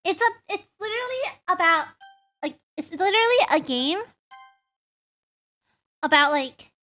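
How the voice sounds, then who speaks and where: A woman's voice: extremely high pitch, animated, measured pace, sharp tone, faint music behind. A woman streaming a game, chatting casually with her viewers, greeting them by name and teasing herself. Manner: chatty, self-mocking, greets chat by name; playful, hums and makes silly noises. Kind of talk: casual live-stream chat.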